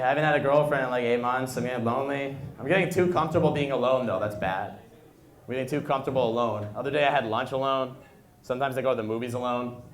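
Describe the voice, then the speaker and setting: A man in his twenties doing an animated stand-up set in a bar, jumping into loud high voices for the people he quotes. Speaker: stand-up comedian. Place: bar and grill comedy night. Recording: echoey room, stage mic. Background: audience laughter.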